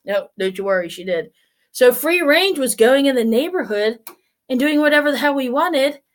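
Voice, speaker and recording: A vlogger in her forties talks casually to camera, telling stories bluntly and swearing freely. Her high-pitched voice is animated, at a moderate pace.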